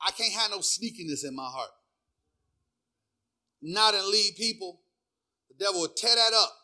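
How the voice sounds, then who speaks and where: Male pastor, middle-aged, sermon preaching, ringing tone, hushed asides rising to sung climaxes. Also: high voice. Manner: repeats "praise God" and "hear me" between phrases.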